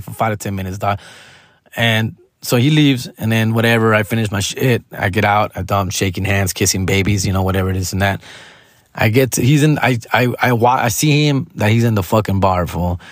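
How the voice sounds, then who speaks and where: A man's voice: fairly low pitch, no room sound, studio quality. A male stand-up comedian telling a story casually, full of slang and swearing. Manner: slangy and profane, calls listeners "fool" and "dog".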